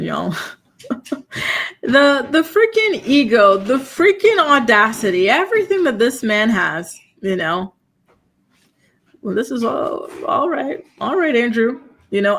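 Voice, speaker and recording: A woman hosting a casual live-stream commentary, talking straight to her viewers. She sounds incredulous and animated, with frequent "you know" and "y'all". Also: on the high side. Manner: incredulous, animated, reacts to chat. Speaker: commentary channel host.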